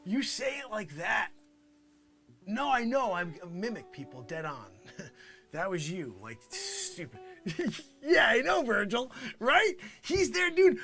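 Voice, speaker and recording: A man improvises a comedy monologue as a boastful salesman, jumping from voice to voice. His voice sits high for a man. Faint guitar music plays behind him. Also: big pitch swings, gravelly, sharp tone. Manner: rapid character switching, brash salesman bravado. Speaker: comedy show host.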